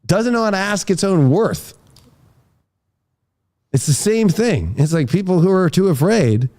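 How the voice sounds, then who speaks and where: Male podcast host: slightly high, soft-toned voice, profane and rambling. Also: lively intonation, unhurried. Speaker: tarot reader and podcast host. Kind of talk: casual podcast conversation.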